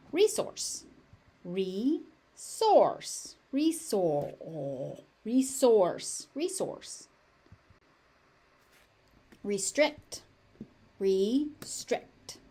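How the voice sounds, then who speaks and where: An American woman teaching pronunciation, repeating each word slowly and carefully. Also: mid-range voice, a little mellow. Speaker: pronunciation tutor. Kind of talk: slow pronunciation lesson.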